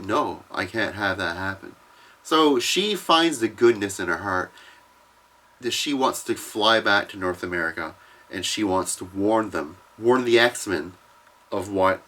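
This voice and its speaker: A man casually retelling a comic storyline, profane and animated, acting out what the characters say. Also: low-pitched, measured pace. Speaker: comics explainer.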